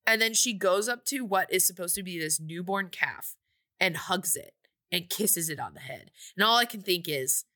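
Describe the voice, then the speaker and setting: Chatty woman recapping a movie, bright voice. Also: on the low side, normal speed. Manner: chatty, animated retelling with quoted asides. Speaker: podcast co-host.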